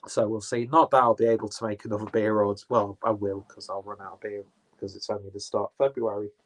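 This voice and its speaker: A man's voice: fairly low pitch, little pitch movement, fast talker. A man chatting casually through an unboxing, rambling, swearing and correcting himself as he goes. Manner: rambling, profane, self-correcting. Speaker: beer reviewer.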